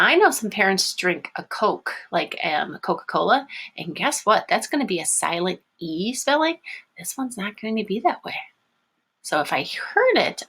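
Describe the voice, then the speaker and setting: Woman teacher for a kids' remote phonics class: low, slightly husky voice, patient, encouraging, stretches words out sound by sound. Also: fairly bright tone. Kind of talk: online phonics lesson for young children.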